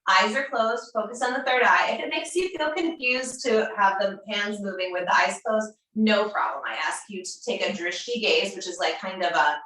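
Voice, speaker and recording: A woman teaching a yoga class, giving calm, encouraging instructions. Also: mid-range voice, moderate pace, few pauses. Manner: calm, encouraging, gently chanting mantra syllables. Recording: roomy echo, speaker far from mic.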